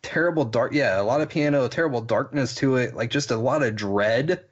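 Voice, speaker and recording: A man's voice: medium pitch, fairly quick, husky. Guy on a podcast gushing about albums, kinda rambly, audio a bit muffled. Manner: enthusiastic, rambling, with frequent restarts. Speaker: podcast co-host. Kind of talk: casual chat reviewing albums.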